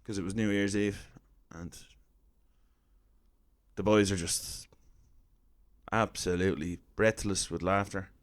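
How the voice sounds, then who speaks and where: Speaking slowly and pausing often, a man with a low voice and fairly even intonation recounts a funny story. He's an Irish comedian in his thirties, and his telling is conversational, dry, and self-deprecating.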